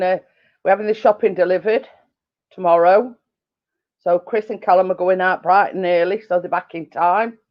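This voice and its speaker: A middle-aged woman chats slowly and unhurriedly on a home live stream, rambling from one thing to the next with fillers and little giggles. The sound is dull and lo-fi, like a cheap home setup. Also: lowish voice. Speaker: channel host on a live stream. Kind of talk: casual live-stream chat. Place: living room at home.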